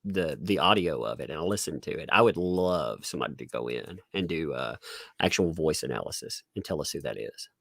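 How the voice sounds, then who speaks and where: Gravelly, lively Southern US man. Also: rumbling low, fairly quick, dry recording, studio quality. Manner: joking, laughs often. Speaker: host. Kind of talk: casual livestream chat.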